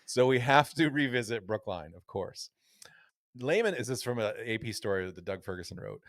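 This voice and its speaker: A man's voice: medium pitch, animated, normal speed, no echo. Man on a podcast, dry sound. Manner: reads newspaper quotes aloud in a storytelling way. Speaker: podcast co-host. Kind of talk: casual golf podcast chat.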